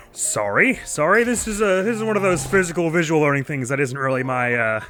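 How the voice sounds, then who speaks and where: A man's voice: a little high, animated, normal speed, fairly bright tone, soft background music. A man casually commenting on his gameplay as a let's play host, chatty and self-deprecating, laughing often.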